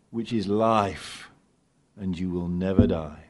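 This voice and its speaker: An older man preaching a sermon, swinging from loud emphatic lines to quiet asides. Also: deep voice, slow pace. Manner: animated preaching, rising loud on key words, dropping to quiet asides.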